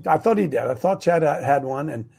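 Rambling livestream host, gravelly male voice a bit high, talking off the cuff to his group on a webcam. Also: a little fast. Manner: rambling, excitable, self-interrupting. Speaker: host of a preparedness group show. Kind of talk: rambling casual livestream talk. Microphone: webcam on a wobbly stand.

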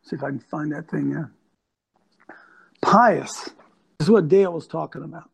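A fired-up man preaching to his online viewers, husky and gravelly at a high pitch. He pushes hard and fires off rhetorical questions like a coach in a locker room. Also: normal speed. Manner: intense and emphatic, with rhetorical questions. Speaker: host and former football coach. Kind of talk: fiery sermon-like talk to an online audience. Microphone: computer mic on a video stream.

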